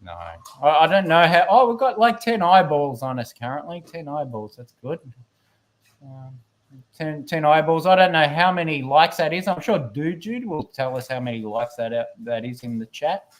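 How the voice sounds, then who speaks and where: His voice sits a little high, with lively intonation and normal speed, picked up by a computer microphone. He's guest co-hosting a live stream, chatting casually in a rambling, self-deprecating way while reading chat messages aloud.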